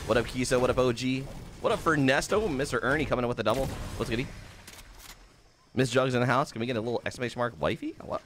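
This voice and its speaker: A man's voice: medium pitch, quick pace, fairly bright tone, slight background noise. A man streaming a game live, swearing freely and greeting his chat by name.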